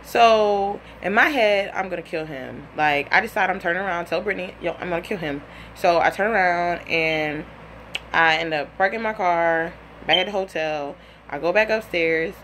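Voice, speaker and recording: A woman's voice: lowish voice, normal speed, slight background noise. A young woman in her twenties telling a personal story in a casual, blunt and profane way, acting out what people said. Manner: animated, blunt and profane, acts out quotes.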